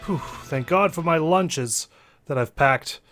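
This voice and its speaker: Animated man playing a video game. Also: a little high, slow, music in the background. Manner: animated, reacting with exclamations and laughs. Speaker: let's play host. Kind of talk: casual gameplay commentary.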